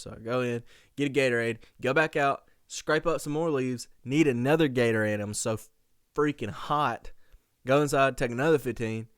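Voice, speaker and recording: Young male podcast host, animated and slangy, with a smooth tone and close, dry mic sound. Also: mid-range voice, moderate pace, dry recording. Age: young adult. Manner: animated, slangy, laughs often. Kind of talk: casual storytelling.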